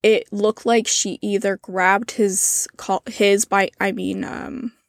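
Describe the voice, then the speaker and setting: A woman's voice: mid-range voice, fairly even intonation, takes it slowly, creaky, no room sound. Casual woman chatting, dry sound. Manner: casual, many fillers, reads out quotes in a subdued tone. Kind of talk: casual chat.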